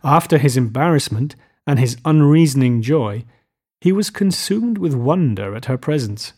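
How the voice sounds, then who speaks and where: A man narrating literary fiction aloud in a measured, unhurried way. His voice sits in a middle pitch range. It is a scripted audiobook reading. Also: animated, darkish tone, husky.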